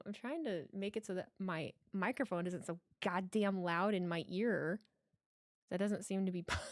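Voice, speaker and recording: A woman's voice: mid-range voice, a little mellow, no echo. Woman streamer host, swearing, giggly, casual chat, dry close headset sound. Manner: chatty, profane, giggly. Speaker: livestream host. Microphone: headset with mic monitoring.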